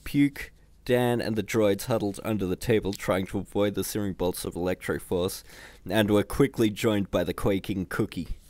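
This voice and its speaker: A man's voice: fairly low pitch, fairly even intonation, moderate pace, a little mellow, no room sound. A man casually reading a comedy book aloud on a livestream, chuckling at the jokes in an unpolished delivery. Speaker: reader. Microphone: home computer mic on a livestream.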